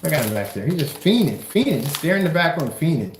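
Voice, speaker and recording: A man hosting a casual DIY vlog. His voice is fairly high, and his delivery is chatty and rambling. The room is echoey. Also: sing-song, fast. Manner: rambling, chatty, self-correcting. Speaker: maker of projection screen paint. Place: indoors at home. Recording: roomy echo, faint noise.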